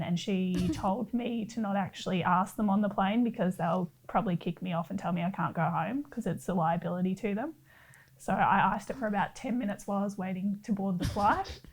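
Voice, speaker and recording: A woman footballer with an Australian accent, telling stories in animated casual chat and laughing often. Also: medium pitch. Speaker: footballer guest.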